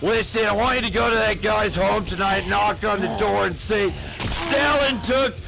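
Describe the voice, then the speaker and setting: A man's voice: high-pitched, normal speed, gravelly, over music. A man voicing a cruel male dictator who barks cold, murderous orders. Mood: menacing.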